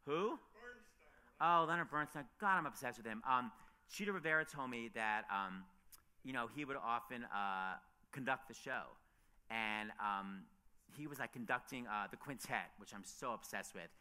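A man on stage at a festival, telling excited, gushing anecdotes and acting out the people he quotes. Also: medium pitch, smooth. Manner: gushing, excitable, quick asides, acts out quotes. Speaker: author and radio host speaking at a festival. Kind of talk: animated anecdotal storytelling on stage.

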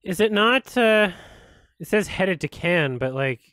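A man talking casually as he reacts to a clip, laughing and swearing freely. His voice is bright and lively, leaping up in pitch when something amuses him. It sounds dry and close to the mic. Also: measured pace, dry recording. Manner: laughs often, swears, bursts into loud excited exclamations. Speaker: reaction video host.

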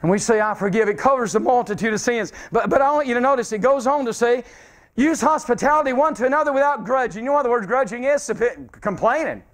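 A preacher, a man, delivers a revival sermon in a church with a strikingly high voice. He is fervent, repeats phrases, and calls out directly to the congregation. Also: quick pace. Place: church sanctuary.

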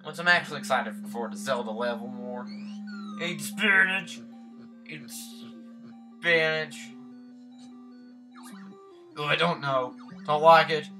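A man casually commentating his own gameplay, goofy and rambling, cracking jokes and shouting at the screen. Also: medium pitch, brisk, over music. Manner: goofy, rambling, sings snatches of songs. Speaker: let's play host.

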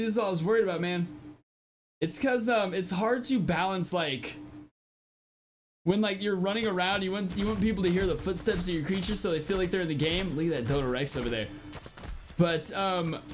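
Young guy streaming a game, high voice, cusses a lot, gets loud when things go wrong, game noise hissing in the background. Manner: excitable, swears often, yells during fights. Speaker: gameplay streamer. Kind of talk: casual gameplay commentary.

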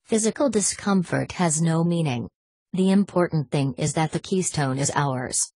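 A devoted, earnest henchman answers his master in a low, husky voice, as a woman narrator reads him. His words come slowly. The sound is close and dry. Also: darkish tone, no echo. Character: devoted male monk henchman, earnest and eager.

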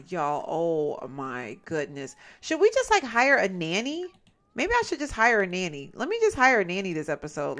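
Woman chatting thru a sims game, super animated, kinda exasperated, lots of y'all. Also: mid-range voice. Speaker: gameplay commentator. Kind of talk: casual let's-play commentary.

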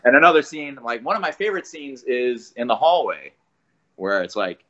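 A man's voice: medium pitch, very animated, normal speed, fairly bright tone. Man, voice actor guest, enthusiastic storyteller, muffled lo-fi sound. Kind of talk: casual podcast interview.

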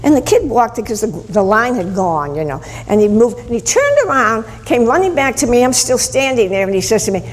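A Catholic nun telling stories in an animated sermon to a school audience, with sudden bursts of emphasis. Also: female voice, fairly high pitch, a little fast, hardly any pauses. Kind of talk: storytelling sermon. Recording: hall recording with faint ambient noise.

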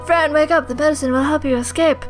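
A woman voicing a talking cat that softly urges a girl to escape. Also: sits high, steady tone, fast talker, faint music behind, lightly acted. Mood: urgent.

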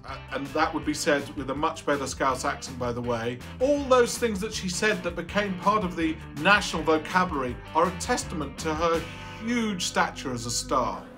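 A man gives thoughtful, explanatory commentary in a documentary interview. His voice is slightly high for a man, with faint guitar music beneath. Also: bright, forceful tone.

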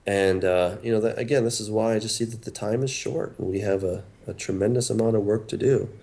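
A man with a fairly low voice speaks as a pastor guest on a radio talk show. He talks earnestly, often doubling words as he searches for the next phrase. His delivery is that of an unscripted interview. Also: fairly even intonation, brisk, gravelly, dark tone.

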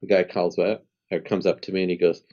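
Speaking a little fast, a man in his fifties with a very low, dark, mellow voice guests on an interview podcast as a spiritual healer. He's an animated storyteller who acts out what people said and laughs a lot. The sound is slightly dull and lo-fi.

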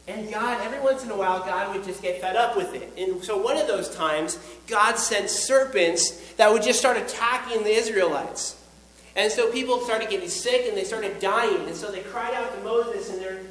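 A man teaching the Bible as a preacher, speaking earnestly and emphatically, slowing down on key lines. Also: high-pitched, a bit bright, echoey room, low-quality recording.

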